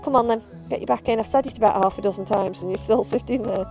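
A woman's voice: mid-range voice, fast, mellow, soft background music. A woman, a bird of prey handler, chatting casually and affectionately while filming outdoors. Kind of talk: casual video update.

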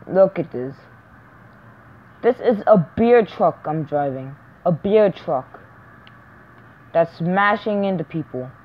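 Excitable woman over a tinny line. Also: on the low side, slow pace, pauses often. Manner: excitable, chatty, laughs often, talks to herself. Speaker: gameplay commentator. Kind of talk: casual gameplay commentary. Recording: tinny phone-like sound.

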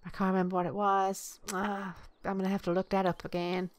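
A woman giving crude, excitable commentary while playing a video game. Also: mid-range voice, fairly quick. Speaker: let's play gamer. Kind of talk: gameplay commentary.

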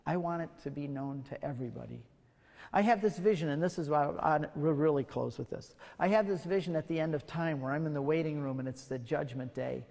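A male guest speaker giving an evangelistic lecture to students, telling stories in an animated, emphatic way in a university lecture hall. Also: a little high, fairly quick, hardly any pauses. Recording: long reverb in a large hall.

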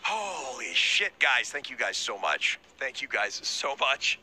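A man game streamer on a live stream, excitable and astonished, swearing a lot as he addresses his chat. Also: medium pitch, takes it slowly, soft background music.

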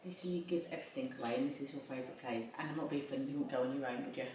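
A woman co-hosting a casual unboxing, joining in with quick, teasing banter. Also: very deep voice. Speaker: co-host. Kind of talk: casual chat. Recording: far from the mic in a very echoey room with loud noise.

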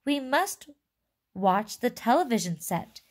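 An eccentric, excitable chocolate maker given to theatrical exclamations and fussy outbursts, played by a woman reading to children. The voice stays near her own, slow and storybook-paced. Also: a little high, voice pushed up, heavily acted. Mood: solemn.

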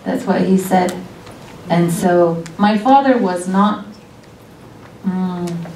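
A middle-aged woman giving a college guest lecture on weaving, speaking earnestly and reflectively with pauses. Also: fairly low pitch, a little mellow. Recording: echoey room, distant mic, faint noise.

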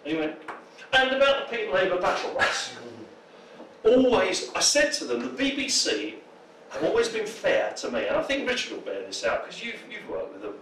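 A man speaks to a crowd in a pub function room, spinning comic stories and putting on the voices of the people in them. His voice sits fairly high and swings about lively. The mic is some way off, so the sound is roomy and echoey, with a faint hum of ambience underneath. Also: fairly quick, gravelly, far from the mic. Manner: jokey storyteller, acts out quoted voices. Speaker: political speaker. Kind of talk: anecdotal public talk.

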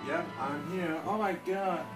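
A man voicing an excitable young male character in an amateur fan drama, with fast, panicky exclamations. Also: fairly high pitch, music in the background, close to an everyday voice. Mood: panicked.

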